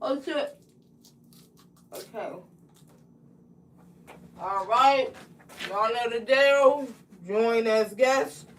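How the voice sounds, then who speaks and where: A woman's voice: on the high side, drawn-out words, long pauses, a little hiss or hum. A young woman hosting a casual braiding livestream, chatting loosely, greeting viewers in the chat and eating candy as she talks. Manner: chatty, greets viewers by name, eats candy while talking.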